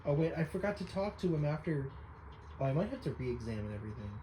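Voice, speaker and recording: A man's voice: on the high side, sing-song, quick pace, dark tone, a little hiss or hum, rough recording. A man giving casual, offhand let's-play commentary over a game, talking loosely with frequent fillers. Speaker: game streamer.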